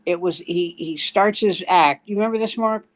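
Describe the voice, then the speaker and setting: A man's voice: high voice, moderate pace. Older male comedian telling a story. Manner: acts out quoted dialogue in the story. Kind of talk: storytelling in casual chat.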